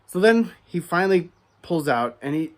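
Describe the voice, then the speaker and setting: Animated man ranting a story. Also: on the high side, normal speed. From United States. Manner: animated, grows heated and emphatic; conversational, frequent asides and restarts. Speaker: card collecting channel host. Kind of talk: storytelling rant.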